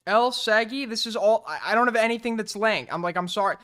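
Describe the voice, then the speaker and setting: A man's voice: high-pitched, fast talker, a bit bright, clear, resonant tone. A sleep-deprived male streamer reacting casually to clips, profane, exasperated and rambling.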